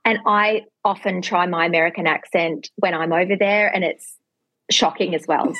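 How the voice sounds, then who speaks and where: An Australian woman, an author guest on a podcast, chatting warmly with a self-deprecating, laughing manner. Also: lowish voice, steady tone, moderate pace, dry recording, low-quality recording. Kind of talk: casual interview chat.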